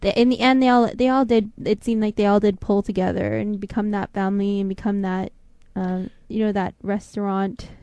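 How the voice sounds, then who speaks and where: A woman's voice: medium pitch, steady tone, fairly quick, few pauses, dark tone, smooth, no room sound. A woman co-hosting a casual call-in talk show, rambling with frequent restarts and hesitations. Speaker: co-host. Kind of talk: casual chat.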